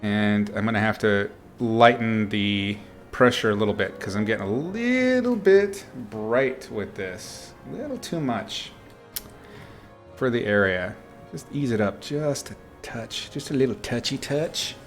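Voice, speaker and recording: A man's voice: on the low side, expressive, measured pace, soft background music. A middle-aged man chatting casually and laughing at himself while he paints on a live stream. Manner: chatty, self-mocking, laughs often. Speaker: artist streaming a painting session.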